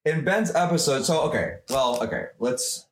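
Brief: lively, slightly high male co-host trading quips on a chat podcast, echoey room. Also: normal speed. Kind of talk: casual chat. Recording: roomy echo.

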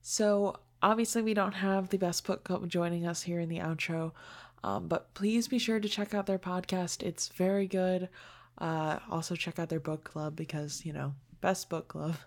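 A woman hosting a podcast, retelling a story in casual, animated chat full of "like". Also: lowish voice, normal speed. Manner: chatty, animated retelling with frequent "like". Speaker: podcast host.

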